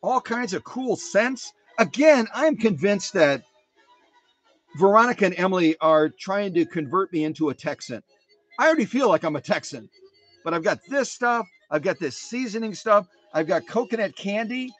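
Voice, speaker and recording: A man from Wisconsin hosting a casual live stream from his home workshop, chatting to his viewers in an animated way. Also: high voice, normal speed, faint music behind. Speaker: live-stream host of a sewing machine restoration channel.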